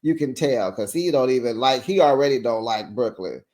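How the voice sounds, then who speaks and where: A man's voice: medium pitch, lively intonation, moderate pace, a little mellow. A tired man giving a casual, sassy recap of a reality show, chatting to his viewers with slangy asides.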